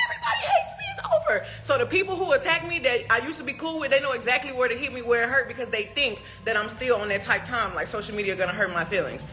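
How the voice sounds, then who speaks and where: Woman, high and sharp, venting in a profane rant with rapid rhetorical questions and laughing asides. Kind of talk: heated social media rant.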